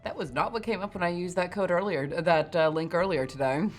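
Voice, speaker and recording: Low-voiced woman tabletop player. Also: steady tone, fairly quick, faint music behind. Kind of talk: casual chat and reading game cards aloud.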